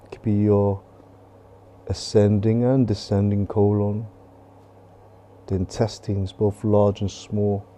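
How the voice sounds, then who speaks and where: A man leading a qigong class, calmly coaching breathing and movement with gentle repetition, on a close mic while he moves. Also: fairly low pitch, takes it slowly, pauses often, slight background noise. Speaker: qigong instructor. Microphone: close clip-on mic while moving.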